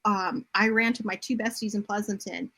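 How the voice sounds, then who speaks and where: A middle-aged woman talking as a podcast guest, telling her story in a direct, animated way. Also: medium pitch, moderate pace. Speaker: podcast guest, bodymind coach and writer. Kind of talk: casual interview chat.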